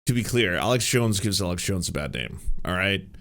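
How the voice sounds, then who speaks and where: A man's voice: low voice, sing-song, a little fast, vocal fry, a bit bright. A man hosting a podcast, giving sarcastic, rambling political commentary with frequent swearing. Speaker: podcast host.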